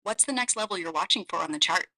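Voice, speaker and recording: A woman's voice: fairly low pitch, expressive, fast talker, sharp tone, heavily acted, poor audio. AI voice as a sultry female companion, murmured, teasing, flirty, synthetic. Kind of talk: AI voice role-play.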